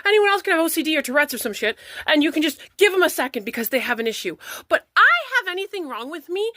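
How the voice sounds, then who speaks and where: Young mom crying and cussing thru an angry rant, high voice, bright, dry close sound. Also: female voice, very animated, no echo. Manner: angry, profane, fast venting. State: tearful. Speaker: parent vlogger. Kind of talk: emotional rant to camera.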